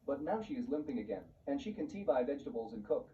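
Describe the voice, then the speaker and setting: A man giving a scripted story narration in a flat, even reading voice. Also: medium pitch, quick pace. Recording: muffled, distant, faint hiss.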